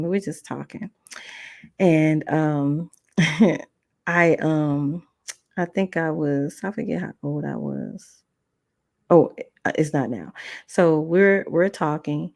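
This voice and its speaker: A woman's voice: deep voice, gravelly, dry recording, clean studio sound. A woman podcast host telling a personal story in a conversational way, acting out the dialogue of the people in it. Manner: conversational, acts out dialogue in voices.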